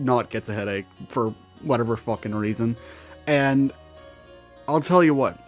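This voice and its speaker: Profane, exasperated monster storyteller, a man in character. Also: mid-range voice. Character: weary, sardonic male monster with tails. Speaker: roleplaying storyteller.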